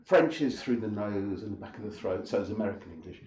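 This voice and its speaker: A man's voice: on the low side, fast, darkish tone. A man lecturing an audience as an English teacher in a hall, speaking emphatically, with repetition and rhetorical questions. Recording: echoey hall.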